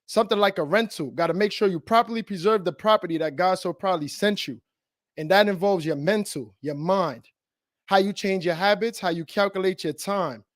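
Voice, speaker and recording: A man's voice: sits high, fairly quick, dry recording, clean studio sound. A man performing a rhyming spoken word poem at a virtual open mic, with a rhythmic delivery. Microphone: video call.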